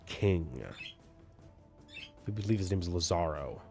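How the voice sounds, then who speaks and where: As dungeon master of a livestreamed tabletop game, this man greets his chat and recaps the plot, rambling animatedly and saying things more than once. His high voice moves fairly quickly over faint background music.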